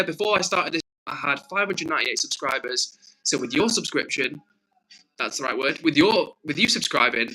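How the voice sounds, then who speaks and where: The speaker, a young English livestream host, has a fairly high, bright and forceful voice. He reads chat messages out and answers his viewers in a friendly, chatty style with a frog in his throat, over a low-quality recording.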